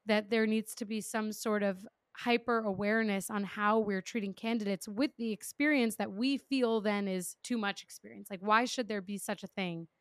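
A woman's voice: mid-range voice, fairly even intonation, moderate pace, few pauses, no echo, studio quality. A woman hosting a casual interview, thinking aloud in a rambling, self-aware way before putting a question to her guest. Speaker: podcast host.

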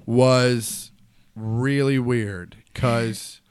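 A man, a comedian guest, tells a story in relaxed chat. He acts out the people in it with sudden loud bursts. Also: medium pitch, very slow, clean tone. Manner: animated, acts out quotes loudly. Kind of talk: casual storytelling.

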